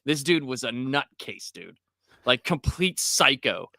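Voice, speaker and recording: A man from West Virginia chatting casually on a podcast, telling stories in an animated way and swearing freely. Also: medium pitch, measured pace, no echo, studio quality. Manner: profane, animated storyteller. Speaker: podcast co-host. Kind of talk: casual chat.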